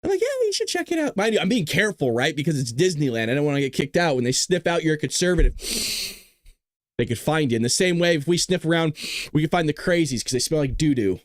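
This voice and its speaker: Animated sarcastic man hosting a talk show. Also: on the high side, fast, no echo, studio quality. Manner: animated, sarcastic, jokey asides. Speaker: political talk show host. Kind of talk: casual political commentary.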